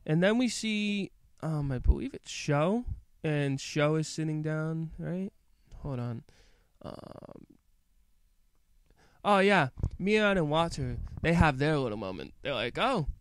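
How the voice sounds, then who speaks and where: A man's voice: fairly high pitch, animated, slow, clear, resonant tone, dry recording. A man casually recapping an anime episode as a reviewer, rambling and hesitant with lots of fillers.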